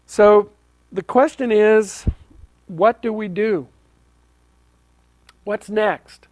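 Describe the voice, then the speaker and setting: Seorang pria memandu acara TV komunitas lokal, berbicara santai tanpa naskah, dengan nada sungguh-sungguh dan banyak "um" serta ulangan kata. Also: male voice, sits high, drawn-out words, a little mellow, no room sound. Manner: earnest, with frequent ums and restarts. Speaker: host of a local access TV show. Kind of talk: casual unscripted talk to camera.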